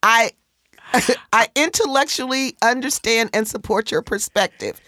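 A woman's voice: on the high side, measured pace, pushed and bright, dry recording, studio quality. A woman co-hosting a casual talk show, emphatic and teasing. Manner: emphatic, teasing, punchy rhetorical questions. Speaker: podcast co-host. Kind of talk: casual chat.

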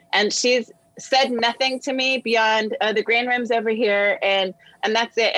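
A woman guest on a discussion show, telling a personal story with animated quoted voices. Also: medium pitch, no echo, poor audio. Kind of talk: storytelling in conversation.

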